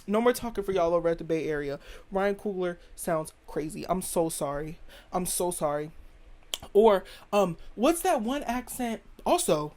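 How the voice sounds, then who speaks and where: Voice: mid-range voice, lively intonation, moderate pace, darkish tone. An American podcast host giving a rambling, opinionated solo monologue full of slang. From United States.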